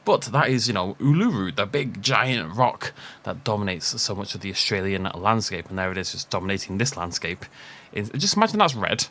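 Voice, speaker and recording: A man giving a casual, upbeat commentary on a video game park tour, chatty and quick to laugh at his own jokes. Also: fairly low pitch, sing-song, fairly bright tone.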